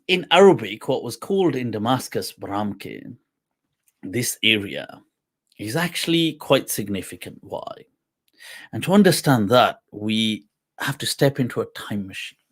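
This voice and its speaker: A man hosts a talk show and tells a personal story in a relaxed, casual voice. He laughs often and acts out the voices of the people in it. His pitch sits in the middle for a man and rises high when he gets excited. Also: a little slow, breathy edge. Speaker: host.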